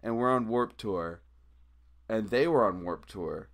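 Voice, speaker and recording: A man's voice: fairly low pitch, unhurried. A man on a podcast as a guest musician, telling a story casually and acting out the quotes. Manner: animated, acts out quotes in the story.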